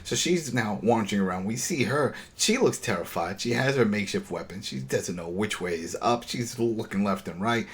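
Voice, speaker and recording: Podcast co-host, male, lowish voice, animated and exasperated while recapping, stumbles and restarts. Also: moderate pace, few pauses. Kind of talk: casual podcast episode recap.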